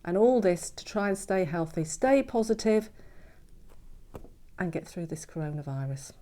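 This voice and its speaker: A woman with a low, warm voice sends a cheerful, casual video message from home. She chats while doing her exercises. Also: lively intonation, moderate pace.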